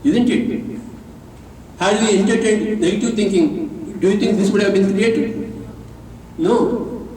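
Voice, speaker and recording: A man's voice: high-pitched, slow pace, long pauses, warm tone, a little hiss or hum. A man from India with an Indian accent, a spiritual teacher giving an emphatic, repetitive talk to a live audience and leading call-and-response. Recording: echoey hall, voice from a distance.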